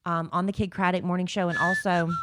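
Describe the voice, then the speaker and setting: A woman, co-hosting a podcast in chatty, animated conversation. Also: fairly low pitch, quick pace, noisy background. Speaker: podcast co-host. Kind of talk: casual chat.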